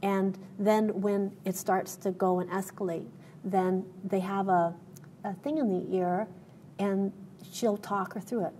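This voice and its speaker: Woman, interview guest, earnest, halting, lots of fillers, middle pitch. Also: steady tone, mellow, a little hiss or hum. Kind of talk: candid interview storytelling.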